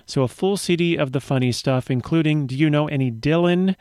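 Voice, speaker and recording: A man's voice: fairly high pitch, a little fast, a little mellow, no room sound. A man hosting a radio show, talking in a wry, rambling way with dry humor. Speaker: radio host. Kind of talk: casual radio chat.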